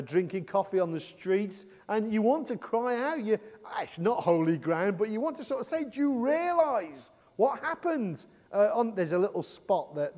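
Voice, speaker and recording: A man's voice: high voice, a little mellow. A middle-aged man from England, preaching a sermon in a conversational way, asking rhetorical questions and acting out the words he quotes. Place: church. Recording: long reverb of a large hall.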